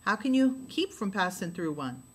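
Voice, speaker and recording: An eager small boy full of questions, voiced by a woman reading aloud. The tone is bright and clear, with plain everyday delivery. Audiobook character voice. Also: mid-range voice, very animated, normal speed, slight background noise. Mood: curious.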